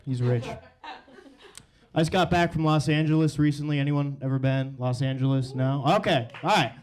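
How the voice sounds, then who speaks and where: Comedian, young man, dry deadpan delivery, slightly high voice. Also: moderate pace. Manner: deadpan storytelling, crude punchlines. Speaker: stand-up comedian. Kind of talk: stand-up set. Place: comedy stage with live audience.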